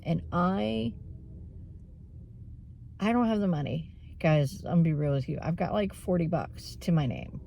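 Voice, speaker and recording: A woman talking openly to her viewers in a casual vlog, with many fillers and frequent throat clearing. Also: on the low side, expressive, a little slow, long pauses, warm tone, a little hiss or hum. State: tearful at times. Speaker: vlogger. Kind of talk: casual vlog chat while running errands.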